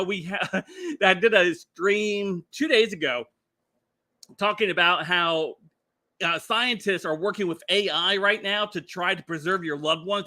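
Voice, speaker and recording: Middle-aged male streamer, bright and forceful tone, loose rambling delivery with chuckles. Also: sits high. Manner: rambling, chuckling, many filler words. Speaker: livestream commentary host. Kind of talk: casual political commentary stream.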